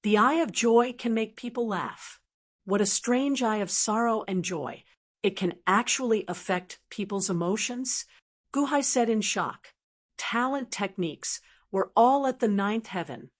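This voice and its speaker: A woman narrating a fantasy novel audiobook in a steady, even reading style. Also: medium pitch, unhurried. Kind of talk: scripted narration.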